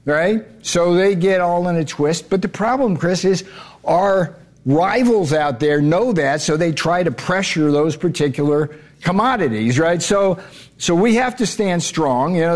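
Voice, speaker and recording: A man answers an interviewer bluntly, leaning hard on his points. He restarts and repeats words as he goes. His voice sits a little high for a man. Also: normal speed. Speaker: trade adviser guest.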